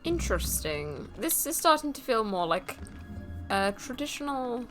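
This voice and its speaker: Slow-talking playful woman. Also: on the high side, very animated, fairly bright tone. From United Kingdom. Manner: playful, giggly, silly bits of accents. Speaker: streamer co-host. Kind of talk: casual gameplay chat. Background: game music.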